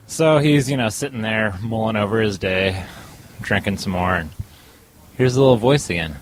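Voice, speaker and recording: A man in casual chat with friends, telling a long, drawn-out joke and often laughing, sometimes drifting off the mic in a room at home. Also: lowish voice, a little hiss or hum, poor audio.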